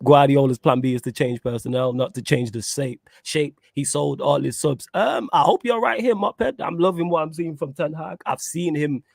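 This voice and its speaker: A man's voice: fairly high pitch, vocal fry, a little mellow, dry recording. A man hosting a casual football chat, laid-back and reading out viewer comments. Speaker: host.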